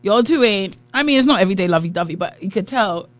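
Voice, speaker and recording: A woman with a London accent co-hosting a podcast, talking candidly and teasing as she thinks out loud. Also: mid-range voice, expressive, quick pace, dry recording. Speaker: podcast co-host. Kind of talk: casual chat.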